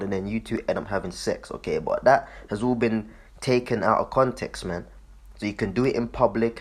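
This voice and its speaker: A man giving loose, profane commentary on a video, laughing often and repeating himself. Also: lowish voice. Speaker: online commentator.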